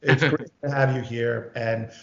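A man's voice: mid-range voice, fairly even intonation, measured pace, vocal fry, a bit bright. A man hosting a casual interview over a video call, chatty and enthusiastic, often laughing. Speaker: host. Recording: roomy, dull lo-fi sound.

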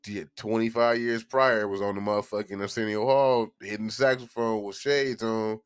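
A man's voice: lowish voice, flat delivery, normal speed, clear, resonant tone, no echo, clean studio sound. A man hosting a podcast, ranting in a heated, profane and joking way. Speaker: podcast host. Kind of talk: casual podcast rant.

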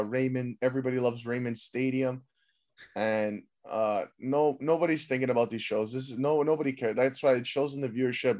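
A man's voice: mid-range voice, a little mellow. A man hosting a wrestling podcast, casually recapping the show in a loose, rambling way with plenty of swearing.

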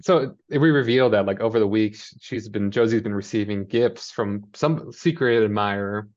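A man's voice: fairly low pitch, normal speed, darkish tone, lo-fi sound. A man casually recapping a TV episode with a co-host, rambling and quoting characters in mock voices. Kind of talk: casual chat.

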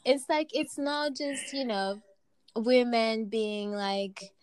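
A young woman in casual podcast chat, thoughtful, with frequent fillers and soft laughs mid-sentence. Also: on the high side, takes it slowly, crowd noise, rough recording.

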